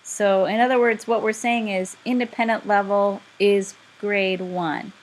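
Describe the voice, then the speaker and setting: A woman's voice: mid-range voice, steady tone, measured pace, low-quality recording. A woman teaching a class, explaining step by step in a patient, direct way. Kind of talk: instructional lecture.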